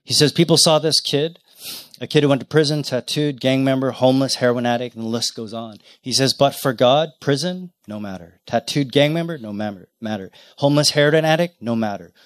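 A man preaching a sermon as pastor, telling stories earnestly, rising loud and then dropping to a hush. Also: mid-range voice, a little fast, no room sound, studio quality. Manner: earnest storytelling with wide swings from loud to hushed.

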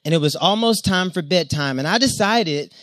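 A man with a high, expressive, fairly bright voice preaches an interactive call-and-response sermon at normal speed, drawing on personal stories and guiding the congregation through breathing like a yoga class. The recording is dry and studio quality.

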